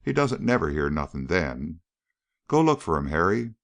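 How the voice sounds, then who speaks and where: A man's voice: low-pitched, big pitch swings, moderate pace, vocal fry, exaggerated voice. A man doing a drawling young backwoods farmhand. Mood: grumbling, easygoing.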